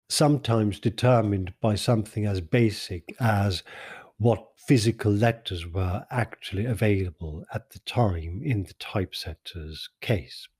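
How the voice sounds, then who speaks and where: A man hosting a poetry podcast, explaining a sonnet line by line in a measured, precise lecturing manner. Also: lowish voice, darkish tone, breathy edge. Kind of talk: explanatory commentary on verse.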